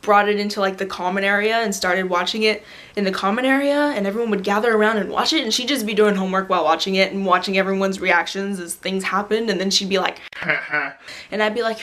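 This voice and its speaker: A young adult woman vlogging to a camera on a tripod, rambling excitedly in a casual fan rant. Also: mid-range voice, quick pace.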